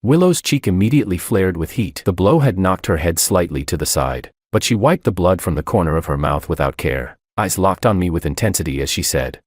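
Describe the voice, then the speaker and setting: A man's voice: low voice, lively intonation, a little fast, hardly any pauses, dry recording, studio quality. A man narrating a romance story in first person with dramatic, scripted delivery.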